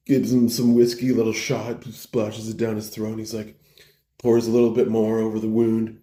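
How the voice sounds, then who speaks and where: A preacher telling a parable in a casual, slangy way, full of like and bro. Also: male voice, on the low side, completely flat delivery, normal speed, mellow. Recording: roomy echo.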